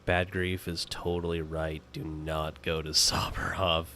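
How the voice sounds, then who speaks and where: A man's voice: deep voice, level tone, measured pace, sharp tone, slight background noise. A man co-hosting a game playthrough, chatting casually and giving laid-back advice. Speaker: let's play co-host. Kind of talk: casual gameplay chat.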